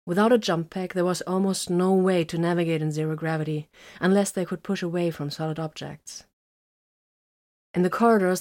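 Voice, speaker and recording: A woman reading a science fiction story aloud in an even, measured narration. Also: deep voice. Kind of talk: scripted narration of sci-fi fiction.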